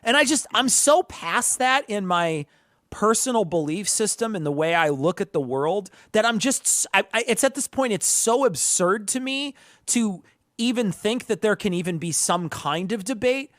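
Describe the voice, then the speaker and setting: A man from Northern Illinois co-hosting a podcast, talking in a rambling, animated way with restarts and swearing. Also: high-pitched, moderate pace, no echo, clean studio sound. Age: adult, past college. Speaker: podcast co-host. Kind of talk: casual chat.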